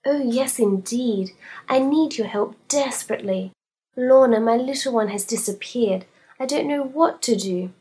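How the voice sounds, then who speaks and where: A fussy, dramatic plump lady from a read-aloud storybook, voiced by a woman, pitched high above the reader's own voice. She speaks in a breathless, gushing rush with a husky, airy tone. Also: a little slow, dark tone. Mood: desperate.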